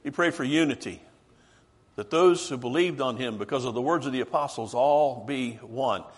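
A man preaching a sermon emphatically, asking rhetorical questions and slowing down for stress. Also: mid-range voice.

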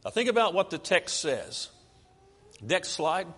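A man's voice: high-pitched, very animated, unhurried, bright, forceful tone, slightly rough. Preacher man in a reverberant hall. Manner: asks the congregation questions and answers them himself. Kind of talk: sermon with slides. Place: church sanctuary.

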